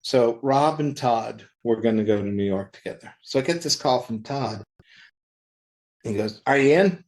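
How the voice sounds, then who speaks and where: A man's voice: mid-range voice, normal speed. Man telling stories in a podcast interview. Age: older. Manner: animated anecdotal storytelling, acts out quoted dialogue. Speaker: interview guest, comic creator.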